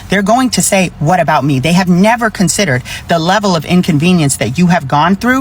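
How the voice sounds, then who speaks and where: A man with a high voice talks fast through a pointed commentary. He is sardonic and blunt and drops the odd curse. A faint background hum runs under him. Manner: brisk, pointed and sardonic, with some swearing. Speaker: social media creator. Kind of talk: commentary monologue to camera.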